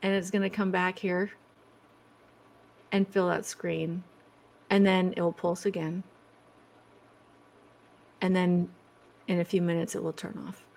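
A woman's voice: lowish voice, level tone, a little slow, vocal fry, long pauses, darkish tone. Chatty woman guest on a video call. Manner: chatty, self-interrupting, laughs often. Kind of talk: casual interview over video call.

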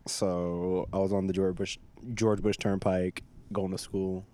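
A young man hosting a casual chat, telling animated, profane stories with plenty of laughs. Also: sits low, measured pace. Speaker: podcast host.

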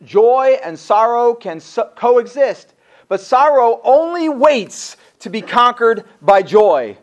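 A man's voice: extremely high pitch, big pitch swings, slow. A man preaching a sermon as pastor, driving his points home with repeated rhetorical questions and reading scripture aloud between his remarks.

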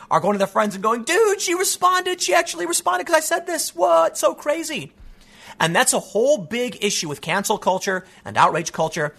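A man's voice: high voice, slightly rough. A man hosting an online show, giving emphatic, opinionated solo commentary. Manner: emphatic, animated, acts out quoted voices.

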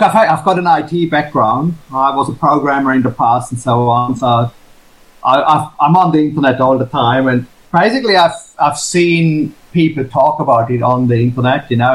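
A man from Australia with an Australian accent, answering interview questions in a relaxed, rambling way. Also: mid-range voice, poor audio. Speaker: podcast guest, farmer.

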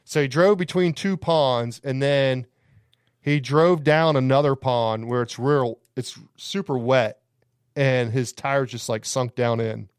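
A man's voice: medium pitch, slow, smooth, no echo, clean studio sound. A man, a campground owner, telling rambling, profane stories on a podcast. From Alabama. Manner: rambling, profane, laughing anecdotes. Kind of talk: casual podcast storytelling.

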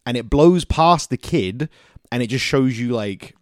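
A man, co-hosting a casual film review podcast, talking in an animated, sweary way. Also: medium pitch, unhurried, no echo, studio quality. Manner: animated and sweary, slips into exaggerated voices for people in the film. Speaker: podcast co-host.

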